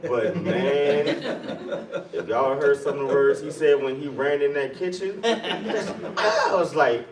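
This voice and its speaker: A man's voice: a little high, extremely slow, pauses often. A man on a convention panel telling a story with slang and lots of laughter. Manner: lively, laughing, uses slang. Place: convention hall. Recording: echoey hall, distant mic, audible noise.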